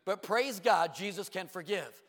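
A middle-aged pastor with a high-pitched voice preaches animatedly, firing rhetorical questions and quick asides and sometimes dropping to a hush. The sermon takes place in a church sanctuary, with the long reverb of a large hall.

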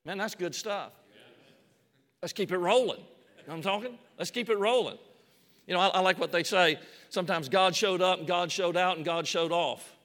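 A man's voice: high voice, normal speed, fairly bright tone. A man preaching a sermon in a church. He acts out scripture scenes in quoted voices and repeats words to build emphasis. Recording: long hall reverb.

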